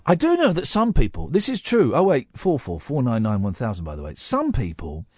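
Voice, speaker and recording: A man hosting a radio phone-in, telling a rambling story in an animated way, in a studio at a studio mic. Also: mid-range voice, a little fast, slightly rough, no room sound. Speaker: radio host. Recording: dry studio sound.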